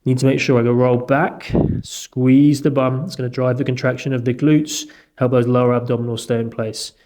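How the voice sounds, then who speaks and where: A man's voice: mid-range voice, flat delivery, a little fast, a little mellow, a little hiss or hum. Man coaching back exercises. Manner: cueing exercises step by step, counting down reps. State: slightly strained while holding the exercise. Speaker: chiropractor. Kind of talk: exercise demonstration.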